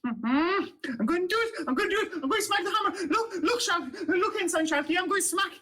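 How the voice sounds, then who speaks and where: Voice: medium pitch, sing-song, moderate pace, sharp tone, husky, voice pushed up, exaggerated voice. A game master voicing a very young, eager male halfling guard who boasts and repeats himself in a tabletop role-play. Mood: excited.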